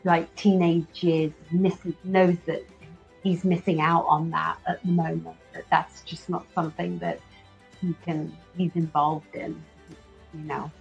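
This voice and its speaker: A woman's voice: lowish voice, flat delivery, measured pace, gravelly, a little mellow, lo-fi sound, soft background music. A woman playing a tabletop game, hesitantly describing her character's feelings. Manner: hesitant, searching for words. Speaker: player.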